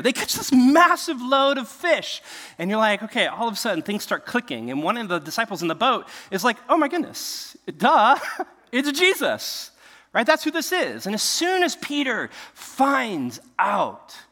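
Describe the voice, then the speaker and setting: A male pastor preaching a sermon, telling the story in a lively way and acting out the voices of the people in it, with laughs along the way. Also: high voice. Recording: long reverb of a large hall.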